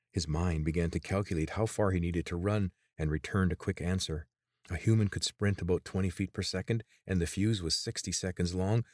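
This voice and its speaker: Male audiobook narrator, low voice, steady and measured, close dry recording. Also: no room sound.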